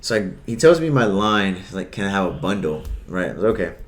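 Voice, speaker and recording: A man with a lowish voice hosts a relaxed chat. He tells rambling stories and acts out the quoted lines of other people. Faint noise sits under his voice. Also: fairly quick. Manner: rambling storyteller acting out quoted dialogue. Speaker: host. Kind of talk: casual chat.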